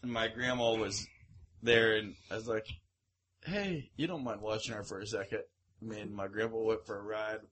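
An American man co-hosting a podcast, loud and crude, taunting and laughing. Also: lowish voice, normal speed, slight background noise. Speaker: podcast co-host. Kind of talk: casual podcast chat.

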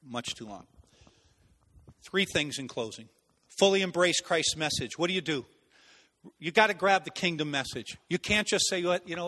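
A man preaching a sermon, telling stories in an animated way and acting out voices. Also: on the high side, big-room sound. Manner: animated, acts out voices and laughs at own stories. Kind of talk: sermon with storytelling.

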